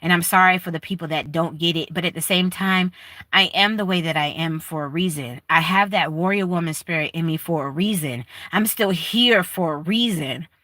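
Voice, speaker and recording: Broadcasting from her rented room in a shared house, this livestream host chats casually with viewers in a heartfelt, emphatic manner. Her voice sits on the low side, pushed and bright at a normal speed, and the recording is dry.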